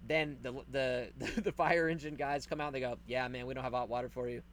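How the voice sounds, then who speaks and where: A man telling a story in casual podcast chat, animated and profane, acting out the people in it. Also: mid-range voice, quick pace. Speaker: podcast host.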